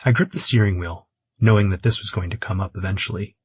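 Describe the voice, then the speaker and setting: A man reads a romance audiobook in a steady, even storytelling manner. His voice is low and husky. The recording is dry and close, with no room sound. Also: quick pace, no room sound. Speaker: audiobook narrator. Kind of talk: scripted narration.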